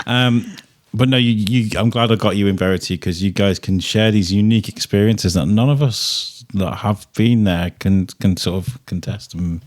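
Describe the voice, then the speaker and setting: A man's voice: fairly low pitch, steady tone, normal speed. An English man hosting a podcast, asking questions in a rambling, friendly way with many restarts. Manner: warm-hearted, rambling, restarts sentences. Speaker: podcast host. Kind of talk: casual chat.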